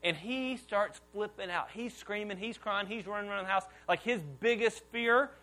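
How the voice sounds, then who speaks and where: A man in his thirties preaching a sermon as pastor to a church congregation, casual and animated, leading the room in call-and-response. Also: sits high, moderate pace. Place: church auditorium before a congregation.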